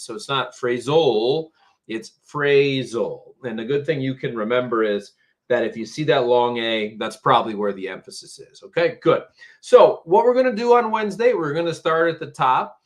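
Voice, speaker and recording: A medium-pitched man runs a live stream lesson on English phrasal verbs from home near Tampa. Slow and patient, he says words multiple times so learners can follow.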